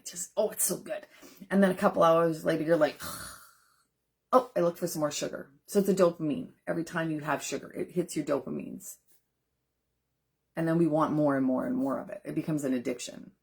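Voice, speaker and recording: A woman's voice: low-pitched, vocal fry, slightly rough. A woman who works as a nutrition coach, chatting earnestly and straight to viewers on a live stream and answering their comments. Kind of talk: casual live-stream chat.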